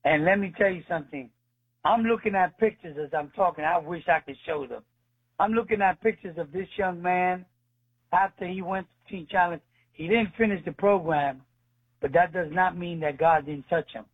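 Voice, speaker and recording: Man, guest minister, earnest testimony, high-ish voice, tinny phone audio. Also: moderate pace, slightly rough. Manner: earnest, retells dialogue with voices. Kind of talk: telling a personal testimony.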